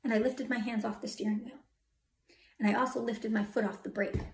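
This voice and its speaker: A woman's voice: on the high side, steady tone, fairly quick. A woman preaching a testimony sermon, telling her story dramatically and dropping to a whisper for emphasis. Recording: echoey hall from far off.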